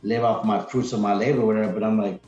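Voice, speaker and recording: A man's voice: lowish voice, fast, soft background music. Rambling man in a roomy, dull recording. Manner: rambling, energetic, peppered with "like" and "man". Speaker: podcast guest. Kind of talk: casual podcast chat.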